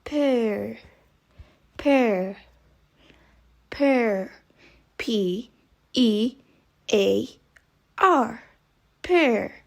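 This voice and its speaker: A woman's voice: on the high side, animated, very slow, creaky, long pauses. A woman teaching English vocabulary, saying each word several times and spelling it out letter by letter. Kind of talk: vocabulary lesson, slow spelling drills.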